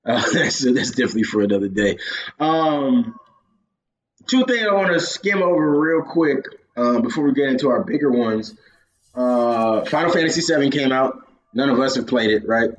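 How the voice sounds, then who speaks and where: A man's voice: medium pitch, lively intonation, normal speed. A young man from Georgia hosting a podcast, telling gaming stories in a casual, profane way and laughing often. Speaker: podcast host. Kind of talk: casual chat.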